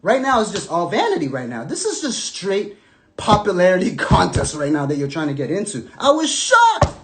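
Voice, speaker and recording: A man telling his own story to camera in casual storytelling, animated, with loose slang, swinging from loud outbursts to quiet murmurs. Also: high-pitched, fairly quick. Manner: loose slang, many restarts and fillers.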